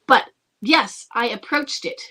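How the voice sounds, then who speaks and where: A woman's voice: on the high side, takes it slowly, pushed and bright, slightly rough. A woman who coaches couples, talking through a listener's question about rebuilding a marriage. She speaks earnestly and reassuringly, often checks in with "okay?", and thinks aloud with restarts. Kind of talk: advice monologue to camera.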